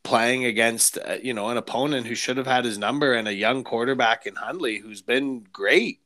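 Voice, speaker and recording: A man's voice: medium pitch, normal speed, bright, forceful tone. A man co-hosting a podcast, giving thoughtful, rambling football analysis in a casual way. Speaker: podcast co-host. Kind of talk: casual sports chat.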